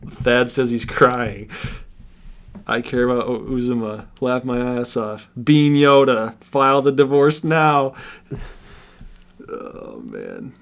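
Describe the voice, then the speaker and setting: A man's voice: mid-range voice, slow pace, creaky. Sarcastic man in his thirties. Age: 30s. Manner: sarcastic, animated, laughs often. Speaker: livestream host. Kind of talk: casual banter.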